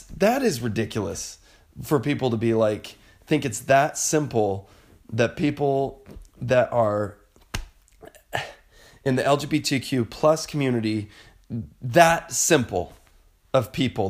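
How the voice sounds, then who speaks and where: Animated, rambling young man. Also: mid-range voice, slow pace. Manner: animated, rambling, lots of fillers. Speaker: vlogger. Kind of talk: casual monologue.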